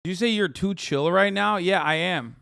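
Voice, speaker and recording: Guy streamer swearing and mocking clips, smooth clean voice, dry room. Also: high-pitched, normal speed, dry recording. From United States. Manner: profane, mocking, animated reactions. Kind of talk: casual live-stream commentary.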